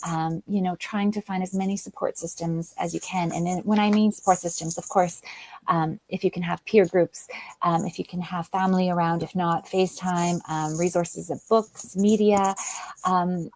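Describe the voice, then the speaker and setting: A woman's voice: on the low side, steady tone, normal speed, darkish tone, rough recording. A woman speaking as an interview guest, thoughtful and full of "you know" fillers. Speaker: guest author and linguist. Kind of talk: interview conversation.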